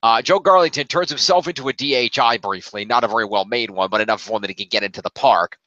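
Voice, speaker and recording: A man's voice: mid-range voice, fast talker, bright, forceful tone, dry recording. A man hosting a casual review podcast, recapping a story at length with lots of fillers. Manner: rambling plot recap with many fillers. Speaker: podcast host. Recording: dull lo-fi dry recording.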